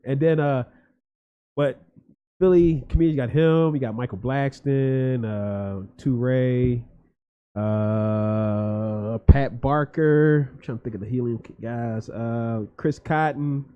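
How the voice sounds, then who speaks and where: A man's voice: medium pitch, slow pace, clean tone. A man from Philadelphia, a guest comedian, telling stories in a loose, profane, rambling way full of fillers. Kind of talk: casual storytelling chat. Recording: dull lo-fi podcast audio.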